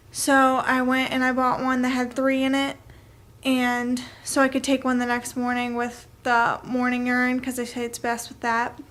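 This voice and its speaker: A woman's voice: on the high side, a bit bright. A young woman telling a personal story to camera in a chatty, casual way, full of "like" and "um". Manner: chatty, filler-heavy with frequent "like" and "um". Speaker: vlogger.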